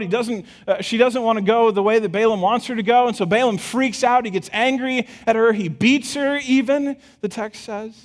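A man preaching a sermon, retelling a scripture story with an animated, chuckling storytelling manner and addressing the congregation directly. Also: sits high. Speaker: pastor. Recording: long hall reverb.

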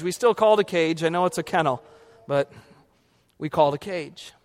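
A man's voice: fairly high pitch, moderate pace, pauses often, big-room sound. A male pastor preaching a conversational sermon, quizzing his congregation and slipping in humorous asides.

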